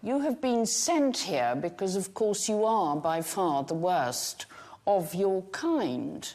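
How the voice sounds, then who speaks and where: A woman's voice: mid-range voice, expressive, slow pace, a little mellow. A woman school principal speaking in a stern, strict, disapproving way. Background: music.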